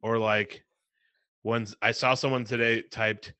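A man co-hosting a podcast who rants with animated exasperation. His voice is bright and forceful. The recording is dry and close. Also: lowish voice, measured pace, dry recording. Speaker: podcast co-host. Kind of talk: casual chat.

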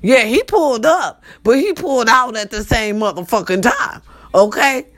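A woman hosting a casual talk show, telling a story to her listeners in a lively, profane, chatty way. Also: a little high, moderate pace. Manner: animated, profane, addresses listeners directly.

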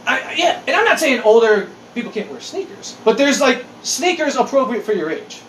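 A man's voice: very high voice, sing-song, normal speed, a bit bright, a little hiss or hum. A man in his forties in casual chat, ranting with lots of swearing and exasperation. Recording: echoey room.

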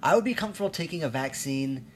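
A man's voice: on the high side, expressive, fast talker, slight background noise. A man in his thirties ranting in a rambling, profane, sarcastic monologue, laughing at himself now and then. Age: 30s. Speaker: vlogger.

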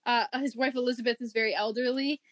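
A woman's voice: a little high, fairly even intonation, fast talker, dry recording, poor audio. A woman in casual conversation, explaining things carefully with small restarts.

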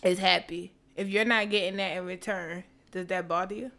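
A woman's voice: fairly low pitch, steady tone, normal speed, fairly bright tone. A woman co-hosting a podcast in casual banter, blunt and profane, often laughing. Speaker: podcast co-host.

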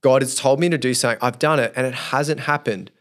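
Speaking fast in a mid-range voice, this young youth leader spins a story as a guest on a podcast. He narrates with lots of animation, performing his own thoughts aloud along the way.

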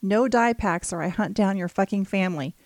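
A woman's voice: mid-range voice, fairly quick, a little mellow, no room sound, close to an everyday voice. A woman voicing a gleeful masked woman bank robber who snarls her threats. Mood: snarling threat.

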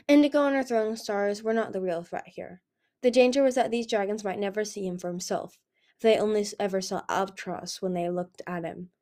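A woman's voice: medium pitch, fairly quick, dark tone. A woman narrating a fantasy novel chapter as a fan audiobook, reading steadily and often correcting herself. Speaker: audiobook reader.

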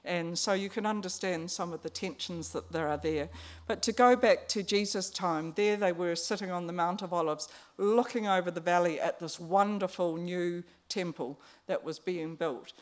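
A woman preaching a conversational sermon, pausing on fillers and restarts. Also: on the low side.

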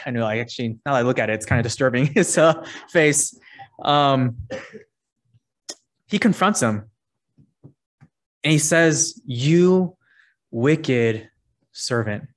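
Earnest male pastor preaching. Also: mid-range voice. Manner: earnest, conversational preaching with verse readings. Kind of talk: sermon.

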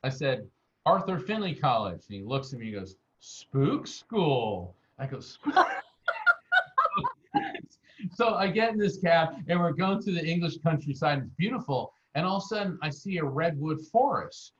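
A man's voice: on the high side, normal speed, a little hiss or hum. American guy spinning stories in an interview, does little voices for folks, kinda muffled audio. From United States. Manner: animated anecdotal storyteller, acts out quotes. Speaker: guest medium and author. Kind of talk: interview storytelling.

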